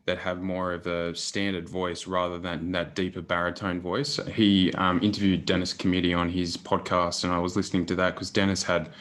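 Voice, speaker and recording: A man's voice: sits low, flat delivery, normal speed, hardly any pauses, fairly bright tone. A man hosting a podcast interview, asking questions in a conversational way and sometimes restarting them. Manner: conversational, stumbles over questions. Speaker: podcast host.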